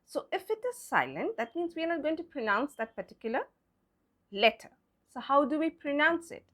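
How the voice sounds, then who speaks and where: A woman's voice: sits high, very animated, brisk, a bit bright. A woman teaching an English pronunciation lesson as a non-native speaker, explaining patiently and spelling words out letter by letter. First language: not English.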